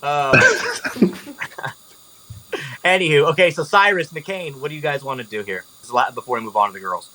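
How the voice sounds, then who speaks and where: A man narrates a tabletop game as game master in a bright, fairly high voice. He talks casually and loosely, filling his sentences with likes and ums. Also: fairly quick, long pauses, low-quality recording. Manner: casual, laughing, filler-heavy.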